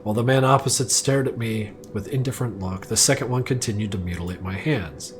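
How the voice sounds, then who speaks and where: Man reading a dark story aloud on stream. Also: on the low side, brisk, over music. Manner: reads aloud with occasional slips and self-corrections.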